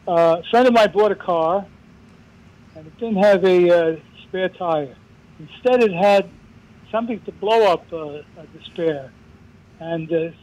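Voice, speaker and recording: A man's voice: high-pitched, a little mellow, poor audio. A man, a regular caller to a radio show, joking around and quizzing the experts. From New York. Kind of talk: call-in question.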